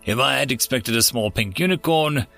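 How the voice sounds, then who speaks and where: A man's voice: mid-range voice, expressive, gravelly, a bit bright, soft background music. Man voicing stern, formal hooded Death. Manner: formal, clipped, unhurried.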